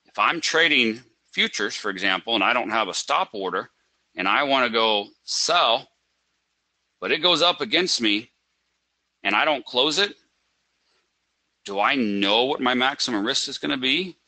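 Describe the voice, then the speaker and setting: Lively man teaching trading. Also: medium pitch, a little slow, long pauses, no echo, poor audio. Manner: animated, rhetorical questions, acts out panic. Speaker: trading instructor. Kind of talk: live trading webinar.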